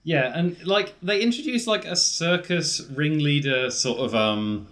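A man with a somewhat high voice, chatting casually on a podcast with friends. He talks in a jokey, sarcastic way and keeps poking fun at what they discuss. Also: measured pace, a bit bright. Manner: jokey, sarcastic, mock-quotes lines in silly voices. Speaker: podcast co-host. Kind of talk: casual chat among friends.

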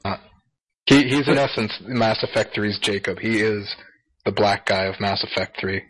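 A man's voice: lowish voice, moderate pace, a bit bright, poor audio. A man in casual gaming chat, rambling and laughing often.

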